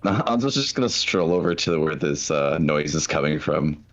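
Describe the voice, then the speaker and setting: Very deep-voiced male player. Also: lively intonation, normal speed. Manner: casual, chuckling, full of fillers. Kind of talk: tabletop role-play.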